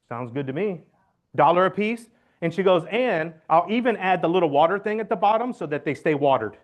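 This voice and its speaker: A man giving a loud, blunt, joking talk to his real estate team, acting out phone calls as he goes. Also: high voice, brisk. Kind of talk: motivational team meeting talk. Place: meeting room.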